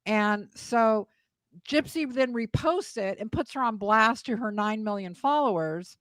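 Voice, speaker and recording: A woman's voice: on the high side, expressive, measured pace, fairly bright tone, no room sound. A woman hosting a live talk show, chatting and gossiping casually. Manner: chatty, gossipy, laughs along. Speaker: host. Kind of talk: casual chat.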